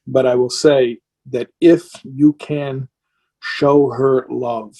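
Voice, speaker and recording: A man's voice: medium pitch, steady tone, slow pace, mellow. A man speaking as a rabbi in an impassioned question-and-answer talk, earnest and emotional, sounding tired and worn down.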